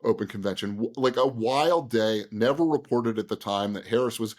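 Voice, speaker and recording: A man, a guest on an interview show, recounting events in a conversational, animated way, with frequent fillers and quick restarts. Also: medium pitch. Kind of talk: conversational storytelling.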